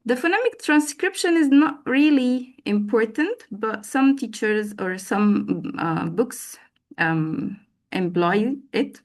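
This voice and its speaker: Woman trainer leading an online lesson. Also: medium pitch. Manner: lively, calls on participants by name, frequent fillers. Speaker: teacher trainer.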